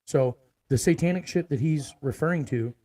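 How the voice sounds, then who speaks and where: Profane, ranting man with a dark voice. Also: fairly high pitch, normal speed, a little hiss or hum, rough recording. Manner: profane, forceful, repeats himself for emphasis. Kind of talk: ranting video monologue.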